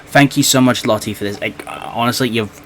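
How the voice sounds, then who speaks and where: A man hosting a live game stream with casual chat, talking in a halting, nervous way with many restarts. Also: medium pitch, fairly bright tone, a little hiss or hum.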